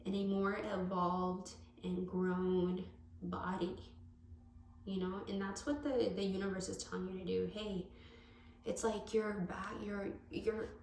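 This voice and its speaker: A woman tarot reader talks slowly and casually, her voice carrying some gravelly fry. She rambles, corrects herself and speaks warmly to her viewers. The recording sounds roomy and echoey, with a faint hiss of background noise. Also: medium pitch. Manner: rambling, self-correcting, affectionate. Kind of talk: casual tarot reading to camera.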